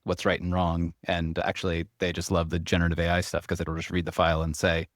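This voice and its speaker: A man who is a company co-founder, talking as a podcast guest in a quick, energetic way full of restarts. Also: sits low, no echo, clean studio sound. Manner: fast, energetic talker with many restarts and "like"s. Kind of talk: casual interview chat.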